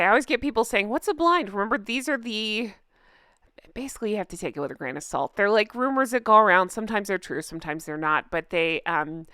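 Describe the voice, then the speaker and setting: Snarky chatty woman, bright voice. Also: medium pitch, clear, resonant tone, no echo, clean studio sound. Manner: snarky, chatty, laughs often. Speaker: commentary channel host. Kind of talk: casual gossip commentary.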